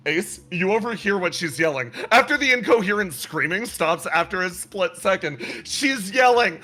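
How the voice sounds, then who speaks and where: A man's voice: high voice, expressive, a little slow, pushed and bright, slightly rough. A man running a tabletop game as game master, narrating with lots of laughter.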